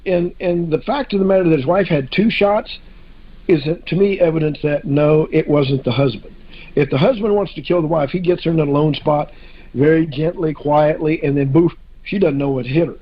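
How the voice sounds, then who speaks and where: A man with a somewhat high, husky voice talks through a casual podcast discussion at normal speed, hesitating a lot with fillers and restarts. The audio is muffled and lo-fi.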